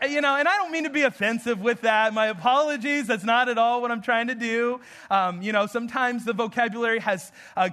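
A pastor from the American Southwest preaches in a voice notably high for a man, pushed and bright. He keeps the sermon loose and conversational, joking with the congregation and laughing between points.

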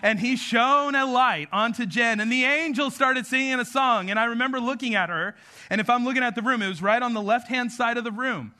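A man in his thirties from New Mexico delivers a sermon with a high voice. His tone is bright and forceful, and he preaches in a casual, joking, storytelling way. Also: fairly quick. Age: 30s. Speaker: pastor.

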